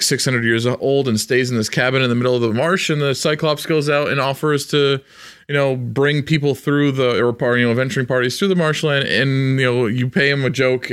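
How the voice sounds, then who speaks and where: A man's voice: mid-range voice, fairly bright tone, clean tone. Laughing, rambling man. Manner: rambling, laughs often, slips into quick character voices. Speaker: podcast co-host. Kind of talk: casual chat about tabletop game mastering.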